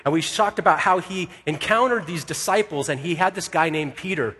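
A man's voice: on the high side, a little fast, sharp tone, husky. A man preaching a sermon as a pastor, telling the story in a conversational way and acting out the dialogue. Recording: echoey hall with long reverb.

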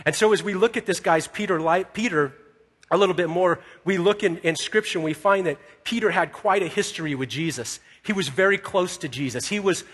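A man's voice: a little high, fairly bright tone. A man preaching a sermon as a pastor, telling the story in a conversational way and acting out the dialogue. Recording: echoey hall with long reverb.

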